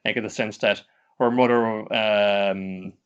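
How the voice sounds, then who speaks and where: A man's voice: fairly low pitch, steady tone, takes it slowly, smooth. A man co-hosting an anime podcast, talking casually and hesitantly with many fillers. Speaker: podcast co-host. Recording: dull lo-fi stream audio.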